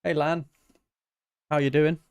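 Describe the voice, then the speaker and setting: A man from Britain, a music producer casually chatting with his livestream viewers in a relaxed, self-mocking way. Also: fairly high pitch, slow, clean tone, no echo, lo-fi sound.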